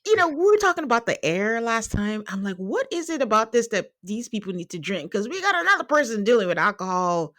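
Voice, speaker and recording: A woman's voice: a little high, a little fast, hardly any pauses, no room sound, studio quality. A woman hosting a podcast, recapping a reality show in casual chat, laughing and acting out what people said. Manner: animated, laughing, acting out quotes. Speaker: podcast host.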